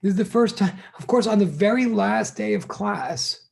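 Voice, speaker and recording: A man's voice: high-pitched, moderate pace, creaky, darkish tone. A middle-aged male college teacher on a video call, chatting casually and rambling as he greets his students one by one. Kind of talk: casual online class greeting.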